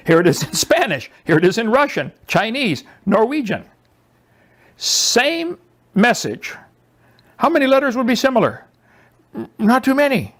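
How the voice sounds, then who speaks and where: A man lecturing a small audience, sarcastic and mocking, with an animated, emphatic delivery. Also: extremely high pitch, unhurried, long pauses. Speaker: presenter.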